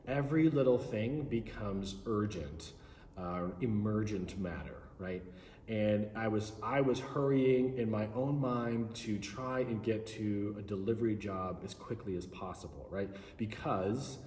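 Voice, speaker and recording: Male pastor, animated storytelling sermon with lots of asides, recorded in an echoey church hall with long reverb. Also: on the low side, slight background noise. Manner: animated, conversational, many "like" and "right?".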